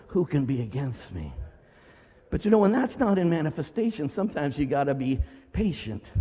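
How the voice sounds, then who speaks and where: A male pastor preaching a sermon in a church hall, dramatic, swinging from loud cries to low murmurs.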